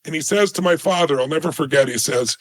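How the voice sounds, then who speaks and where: A man's voice: on the high side, quick pace. A middle-aged man, a guest in an interview, telling a personal story emphatically and acting out the people in it. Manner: emphatic, dramatic storytelling with voiced quotes.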